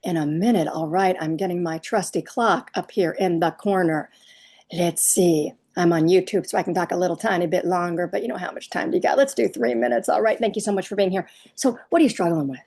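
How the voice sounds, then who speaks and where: Husky-voiced woman parenting coach, mellow tone. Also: lowish voice, fairly quick. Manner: chatty, emphatic, rhetorical questions. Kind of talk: casual advice talk to camera.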